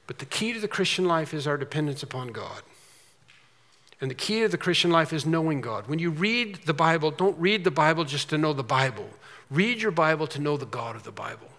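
A man preaching a sermon as pastor, emphatic, swinging from quiet asides to loud, drawn-out declarations. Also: fairly high pitch, animated, big-room sound.

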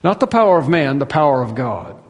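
A man preaching a sermon, emphatic, rising to loud peaks and dropping to hushed asides. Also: mid-range voice, sing-song, fairly quick, long reverb tail. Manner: emphatic, swings between soaring and hushed. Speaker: pastor.

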